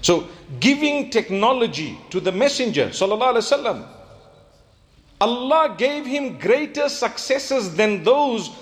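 Man, high voice, imam's radio talk, earnest, rhetorical questions. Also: big pitch swings, moderate pace. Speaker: imam giving a radio talk.

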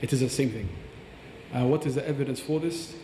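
A man's voice: mid-range voice, fairly quick, dark tone, slight background noise. A man explaining Quran recitation on a podcast, breaking into recited Arabic phrases as he teaches. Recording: echoey hall with long reverb.

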